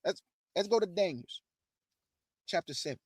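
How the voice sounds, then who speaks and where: Guy preaching prophecy, kinda high voice, answers his own questions, dry close sound. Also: expressive, normal speed, darkish tone, husky, dry recording. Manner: preachy, calls audience family, answers imagined questions. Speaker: online preacher, show host. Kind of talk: street-style sermon on prophecy.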